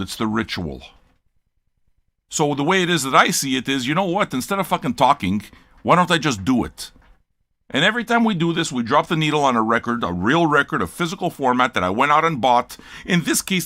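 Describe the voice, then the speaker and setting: A man's voice: a little high, bright, forceful tone, dry recording. An older man hosting a record-listening show, talking in a blunt, profane, rambling livestream rant.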